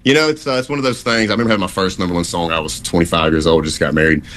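A man's voice: low voice, steady tone, racing, fairly bright tone. A man from Louisiana, a country singer in his thirties, answering interview questions in an easygoing, drawling way.

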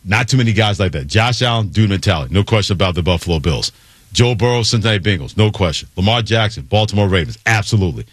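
A man hosting a sports radio talk show, giving emphatic, rapid-fire opinions. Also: fairly low pitch, lively intonation, dry recording.

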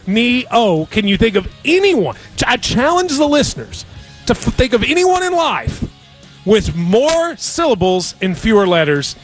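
A man's voice: extremely high pitch, moderate pace, soft background music. A man hosting a sports radio show, joking around in casual chat. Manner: jokey, animated, laughs often.

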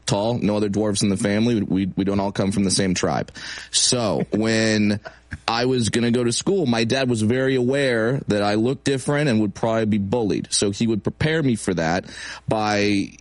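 A man's voice: mid-range voice, no room sound. A man who works as a comedian, telling funny stories about himself in a casual interview and laughing as he goes. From Southern California. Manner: self-deprecating, laughs while telling stories. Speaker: comedian guest.

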